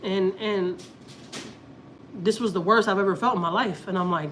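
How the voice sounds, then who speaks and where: A Texas woman talks loosely to her viewers, circling back and repeating herself as she tells a story. Her pitch sits at a middling level. Faint noise hums under the recording. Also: normal speed, pauses often, a bit bright. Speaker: family vlogger. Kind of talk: casual live-stream chat.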